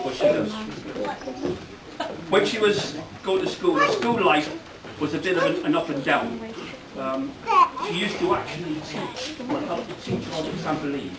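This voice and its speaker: A middle-aged man giving a rambling, joke-filled father-of-the-bride speech at a wedding reception, breaking into loud bursts of praise. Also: fairly high pitch. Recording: echoey hall, from far off, loud background noise.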